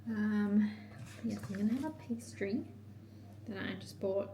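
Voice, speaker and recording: Casual vlogging woman, lots of ums, a bit of fry in her morning voice. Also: medium pitch, measured pace, a little hiss or hum. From Australia. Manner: chatty with frequent ums and soft half-whispered asides. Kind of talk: casual vlog chat.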